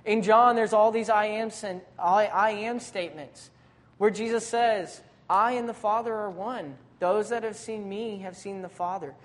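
Preacher delivering a sermon. Relaxed, slangy, animated storytelling, mid-range pitch. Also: a little slow, big-room sound. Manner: casual, conversational preaching with modern slang; lively, dramatic retelling of scripture scenes.

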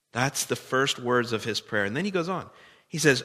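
A man's voice: medium pitch, sing-song, fairly quick, pushed and bright, in a large hall. A man preaching a sermon, talking conversationally and putting questions to the congregation. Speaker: pastor.

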